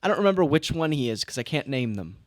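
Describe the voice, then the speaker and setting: Young man, podcast co-host, higher voice, swears a lot, cheerfully rants, dry close sound. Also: big pitch swings, fast, no echo. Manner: profane, ranting, jokey. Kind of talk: casual chat.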